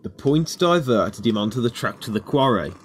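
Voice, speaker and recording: A man narrating a children's story in a steady, plain reading voice. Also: medium pitch, moderate pace, slight background noise.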